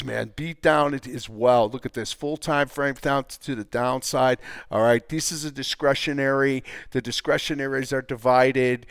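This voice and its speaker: A man's voice: medium pitch, vocal fry, a bit bright, clear, resonant tone, no room sound, studio quality. A man casually talking through stock charts as a trading teacher, rambling, repeating himself and throwing in jokey asides.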